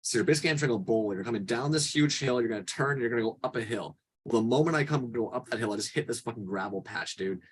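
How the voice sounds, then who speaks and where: A man in his thirties from Canada, chatting casually on a podcast and telling animated, swear-laced stories. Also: mid-range voice, fast, slight background noise. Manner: animated storyteller, swears freely. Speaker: podcast guest. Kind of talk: casual chat.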